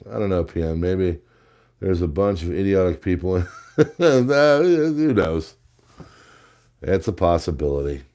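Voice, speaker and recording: A man's voice: on the low side, darkish tone. A man hosting a news commentary show, reading headlines and adding sarcastic, jokey asides. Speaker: host.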